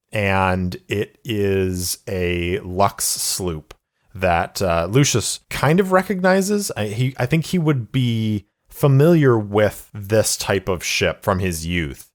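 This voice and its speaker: A man hosting a podcast, narrating a solo tabletop game in a relaxed way and thinking aloud. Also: fairly low pitch.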